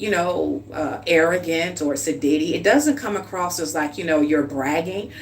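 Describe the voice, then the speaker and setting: Chatty woman giving a tarot reading. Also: mid-range voice. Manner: chatty and informal, keeps asking "okay?" and calling the listener "dear one". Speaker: tarot card reader. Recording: slightly distant mic with faint hum.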